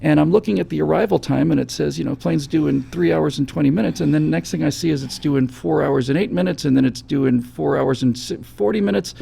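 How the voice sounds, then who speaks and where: A man with a heavily gravelly, husky voice races through a story in casual chat. His tone is dark and mellow, and he tells it in an animated way, now and then mimicking a calm airline pilot. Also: a little high, fast, hardly any pauses. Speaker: host. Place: studio set, seated.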